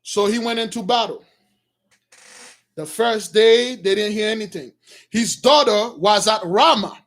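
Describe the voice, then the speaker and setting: High-voiced man preaching emphatically. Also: unhurried, fairly bright tone. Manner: emphatic, addresses listeners as brothers. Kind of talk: sermon storytelling.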